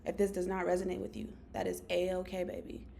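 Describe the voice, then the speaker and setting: A woman's voice: on the low side, completely flat delivery, fast, gravelly, mellow, slight background noise. A woman giving a motivational monologue to her followers, earnest and affectionate, talking in run-on spurts with lots of "like.". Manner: earnest, affectionate, calls listeners "baby". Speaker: motivational vlogger.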